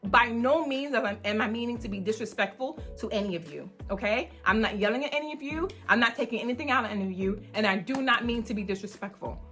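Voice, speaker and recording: A mother hosting her own channel, telling a storytime with emphatic, animated delivery and frequent "like". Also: a little high, fast, hardly any pauses, soft background music. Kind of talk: storytime vlog.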